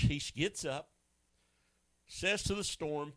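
A man preaching a sermon in a conversational, joking way, acting out people's voices with sudden high jumps. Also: expressive, slow pace, dry recording. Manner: conversational and joking, with asides to a co-host. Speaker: pastor.

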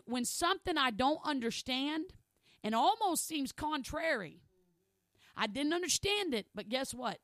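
A woman's voice: high-pitched, a bit bright, dry recording. A woman preaching a sermon in a conversational, emphatic way, often checking in with her listeners.

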